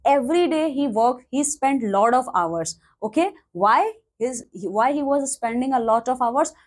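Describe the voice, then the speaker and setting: A woman's voice: high voice, lively intonation. A woman teacher explaining a storybook chapter to young children, checking in with "okay?" after almost every phrase. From India. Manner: explains slowly, checks in with 'okay?' constantly. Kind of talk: classroom lesson explanation.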